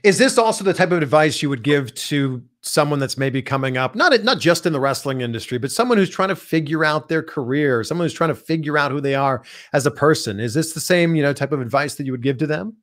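A man's voice: a little high, lively intonation, quick pace, few pauses, fairly bright tone. A man hosting an interview, asking long framing questions in an encouraging way. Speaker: interview host. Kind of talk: casual video interview.

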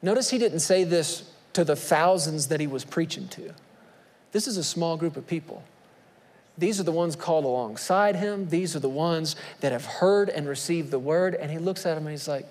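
A pastor preaches from the pulpit of a church sanctuary, his voice on the high side and darkish in tone, moving at a normal speed. He speaks emphatically and puts rhetorical questions to the congregation. The recording carries the long reverb of a church hall.

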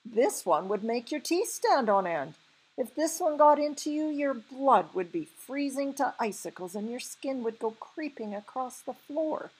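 A woman's voice: high-pitched, animated, a little slow, slightly rough, voice pushed up, full character voice, poor audio. A woman doing an agitated big friendly giant. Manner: mangled words, loud exclaiming. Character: big clumsy kind male giant, distressed.

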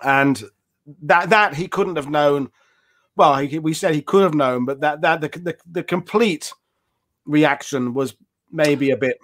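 Guy hosting an interview, a bit high voiced, loose chatty talk. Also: a little slow, a bit bright. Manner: conversational, repeats words while thinking. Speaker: host. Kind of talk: casual interview chat.

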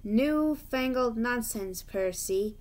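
A woman voicing a grumpy, proud male steam engine in a storybook reading, speaking slowly and sniffily. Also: fairly high pitch, darkish tone, lightly acted. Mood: grand. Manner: slow, huffy and sniffy.

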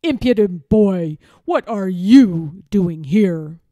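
A woman voicing a sly, scheming evil male lord who sneers and barks commands in a booming, drawn-out way. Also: animated, warm tone, no room sound. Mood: sneering.

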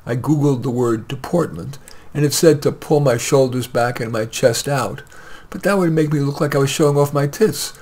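A man reading his own short story aloud in a plain, measured way with light hesitations. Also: medium pitch, darkish tone.

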